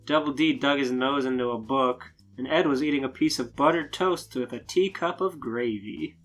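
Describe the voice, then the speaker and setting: A man's voice: mid-range voice, normal speed, soft background music. A man co-hosting a comedy podcast, reading fanfiction aloud in exaggerated voices and joking between lines. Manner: reads lines in exaggerated put-on voices, laughing. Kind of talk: comedic dramatic reading with riffing.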